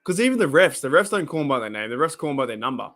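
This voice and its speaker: An Australian man talks rapid-fire in a mid-range voice while hosting a casual live-stream reaction to football, rambling freely and breaking into excited calls of the action.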